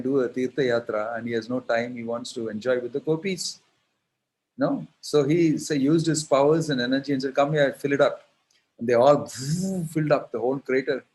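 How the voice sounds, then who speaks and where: Indian monk telling a lively story. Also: male voice, medium pitch, normal speed. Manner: animated storytelling, acts out characters. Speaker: monk and preacher. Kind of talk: devotional storytelling sermon.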